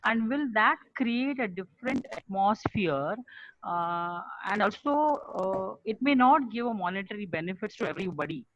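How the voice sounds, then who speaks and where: A man's voice: high-pitched, lively intonation, normal speed, noisy background. A man asks a question over a video call. He hesitates a lot and restarts his sentences. The audio sounds dull and muffled. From India. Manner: hesitant, many fillers and restarts. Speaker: training manager asking a question. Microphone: computer mic on a video call.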